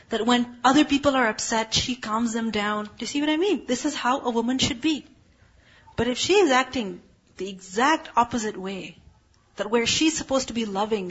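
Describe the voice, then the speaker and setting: Brief: woman religious teacher, high breathy voice, explains step by step and keeps asking if listeners follow. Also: a bit bright, muffled recording. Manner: explanatory, checks in with rhetorical questions. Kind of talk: Quranic explanation lesson.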